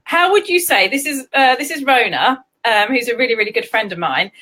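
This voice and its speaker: A high-pitched woman from England hosts a relaxed livestream chat. Her voice is bright and she giggles her way through a loose, scattered conversation. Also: brisk. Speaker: livestream host. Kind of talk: casual live chat. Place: home livestream.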